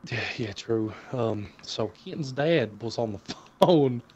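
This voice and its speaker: A man's voice: mid-range voice, lively intonation, slow, darkish tone, a little hiss or hum. Rambling, profane young man telling a story. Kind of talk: casual chat.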